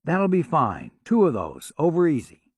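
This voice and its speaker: A man's voice: on the high side, huge pitch swings, normal speed, a little mellow, slightly rough, no room sound, dull audio, voice pushed up, heavily acted. A man voicing a practical, matter-of-fact adult man in an audiobook.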